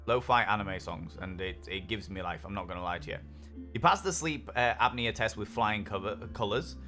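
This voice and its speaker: A man's voice: lowish voice, fairly quick, pushed and bright. A man streaming a game, chatting casually with viewers, upbeat and swearing freely. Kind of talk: casual chat while reading viewer messages. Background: faint lo-fi music.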